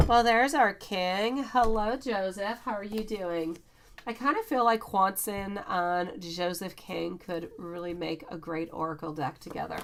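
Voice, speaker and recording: A woman's voice: medium pitch, vocal fry, fairly bright tone, a little hiss or hum. A woman reading tarot on a live stream, greeting chat viewers by name and calling them sweetie and beautiful. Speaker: tarot reader.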